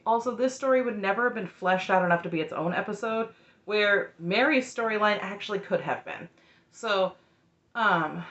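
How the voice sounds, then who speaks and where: A woman's voice: fairly low pitch, a bit bright, roomy sound, lo-fi sound. A woman giving an opinionated, sarcastic recap of a reality show in a chatty, heated way. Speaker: recap host.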